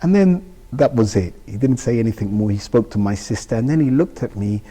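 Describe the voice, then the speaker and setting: Speaking a little fast in an expressive, dark, medium-pitched voice, a UK man recounts a personal experience as an interview guest. The storytelling is emotional and vivid, with dialogue acted out, and the sound is that of a large hall.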